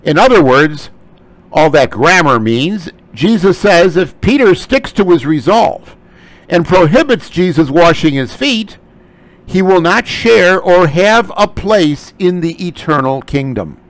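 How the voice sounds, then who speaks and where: A man's voice: high-pitched, no echo, poor audio. A man teaching a scripture lecture, explaining Greek terms closely. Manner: slow, animated delivery. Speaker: Bible study teacher.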